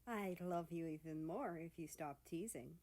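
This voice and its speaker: A man's voice: on the high side, measured pace, a little mellow. A woman voicing a smug, playful young man with a Russian accent who teases with sly confidence. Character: smug young male country personified, deep-voiced.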